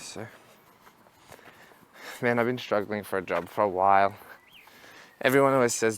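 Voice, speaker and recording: A man's voice: lowish voice, moderate pace, long pauses, clear, resonant tone. A young man chatting casually while walking outdoors, rambling and laughing at his own stories. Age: young adult. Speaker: vlogger. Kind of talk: casual walk-and-talk vlog.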